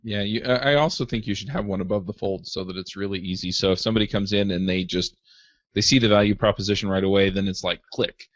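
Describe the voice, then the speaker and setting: A man co-hosting a podcast, giving calm, measured suggestions in casual chat. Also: lowish voice, no room sound. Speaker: podcast co-host. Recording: dry dull lo-fi audio.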